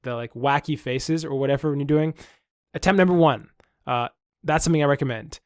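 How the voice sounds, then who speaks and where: A man's voice: a little high, a little fast, dry recording, studio quality. A young man co-hosting a podcast, chatting casually and acting out voices as he tells stories. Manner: animated storyteller, acts out quoted voices. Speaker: podcast co-host. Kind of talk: casual chat.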